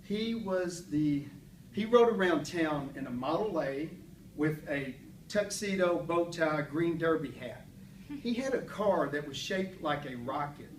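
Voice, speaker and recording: A man's voice: on the high side, animated, a little slow. Folksy man speaking in a room. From Paris, Texas. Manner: folksy storytelling, light self-deprecating humor. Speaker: club speaker. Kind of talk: prepared public speech. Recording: echoey room, mic far off, faint hum.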